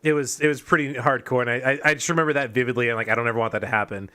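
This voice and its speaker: A man with a bright, forward voice spins a rambling, profanity-laced story for his co-hosts. He talks casually, doubles back often, and keeps poking fun at himself. His pitch sits in an ordinary middle range. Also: fairly even intonation, very fast. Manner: rambling, profane, self-mocking storytelling with frequent fillers. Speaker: podcast co-host telling a story. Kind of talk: casual chat.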